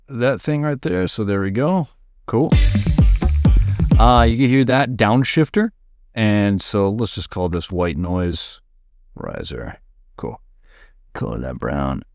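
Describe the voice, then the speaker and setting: A man's voice: lowish voice, darkish tone, no echo, clean studio sound. A man teaching music production in a casual screen-share tutorial, explaining as he works and checking in with "right?" and "all right".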